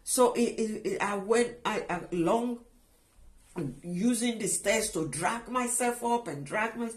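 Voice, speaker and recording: Slow, halting, emotional woman recounting testimony. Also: fairly high pitch. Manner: halting and emotional, with many restarts and trailing phrases. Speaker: guest sharing a personal testimony.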